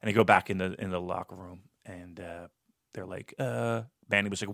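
Bright animated guy telling stories. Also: fairly quick, vocal fry, dry recording, clean studio sound. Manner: animated, swearing, jumps into high voices when quoting. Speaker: podcast guest telling wrestling stories. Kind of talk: casual storytelling chat.

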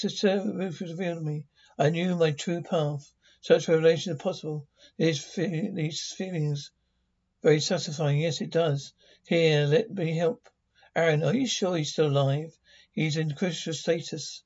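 Male amateur reader, somewhat high, husky, stumbling delivery; muffled lo-fi recording. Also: darkish tone. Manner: stumbling over words, reading sound cues aloud. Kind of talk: amateur read-along of a TV episode. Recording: dull lo-fi recording.

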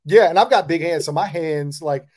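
A man's voice: on the high side, moderate pace, darkish tone, breathy edge. A man co-hosting a casual sports podcast, rambling and padding his talk with fillers. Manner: rambling, hedges with "like" a lot. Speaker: podcast co-host.

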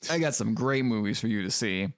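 A man co-hosting a podcast, casually recapping a movie with jokes and quick acted-out impressions of characters. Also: fairly low pitch, animated, dry recording, studio quality. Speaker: podcast co-host.

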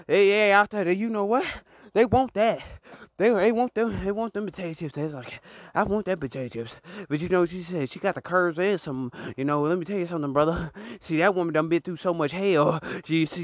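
A man's voice: fairly high pitch, no echo. A man delivering a comedic mock sermon on a clip-on mic, with a preacher's rhythm and call-and-response to the listeners, laughing often. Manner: laughs often between lines.

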